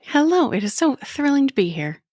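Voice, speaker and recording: Animated woman with a lively delivery. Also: high voice, brisk, no echo, clean studio sound. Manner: animated, fills speech with "like". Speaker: guest author and sex educator. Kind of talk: podcast interview.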